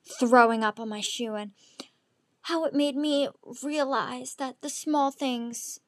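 A woman's voice: sits high, slow pace, no room sound. Rambling young woman chatting solo. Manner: rambling, lots of ums and likes, candid. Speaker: podcast host. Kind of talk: casual solo chat.

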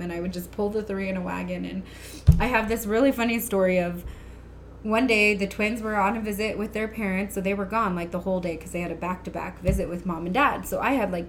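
A woman in her thirties tells a personal story in an animated, chatty way. She laughs easily as she talks. Faint background noise sits under her voice. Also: medium pitch. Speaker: guest. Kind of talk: casual storytelling.

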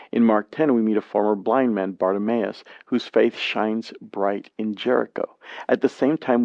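A man teaching a Bible study lesson, reading scripture passages aloud and explaining them in a plain, measured way. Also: lowish voice, a little mellow, no room sound. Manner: plain, measured reading with brief spoken asides. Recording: dry, dull lo-fi sound.

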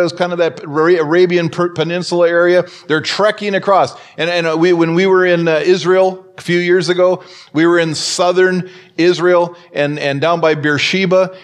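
Pastor guy preaching, kinda high voice, acts out the quotes, storytelling. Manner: storytelling, acting out quoted voices with big pitch swings. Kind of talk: sermon.

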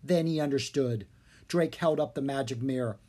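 A narrator reading a children's storybook aloud. The delivery is clear and expressive, with a medium-pitched voice. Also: moderate pace. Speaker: audiobook narrator.

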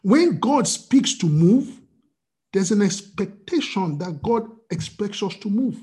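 A man's voice: sits high, animated, takes it slowly, darkish tone. A man preaching a sermon as pastor, asking the congregation rhetorical questions.

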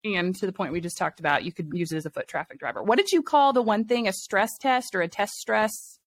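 A woman's voice: medium pitch, brisk, no echo. A woman co-hosting a casual business chat, steering the talk and answering with brief agreeing replies. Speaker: podcast co-host.

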